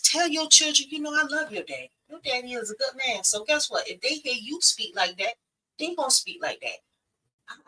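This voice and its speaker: A woman's voice: medium pitch, pushed and bright, distant mic, rough recording. A woman giving blunt, preachy relationship advice in a casual live stream, talking straight to women viewers.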